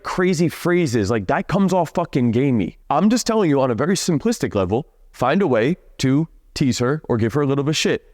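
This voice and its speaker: A young man coaching on dating, talking bluntly and profanely, and dragging out key words slowly for emphasis. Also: on the high side, a little mellow, no echo, studio quality. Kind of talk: direct-to-camera coaching talk.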